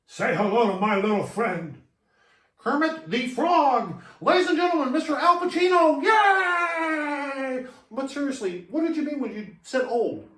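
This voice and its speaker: A man playing a frantic comedian patient who keeps slipping into loud, jumpy put-on voices. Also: animated, measured pace, echoey room, distant mic, full character voice. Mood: indignant. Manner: frantic, loud, jumping pitch and pace between put-on voices. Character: manic male comedian lurching between impressions.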